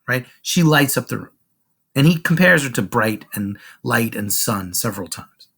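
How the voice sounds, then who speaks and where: A man's voice: medium pitch, moderate pace, creaky, breathy edge. A man explaining a classic play to a class in a casual, slangy way, jumping in and out of voices for the characters. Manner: animated and slangy, acts out lines.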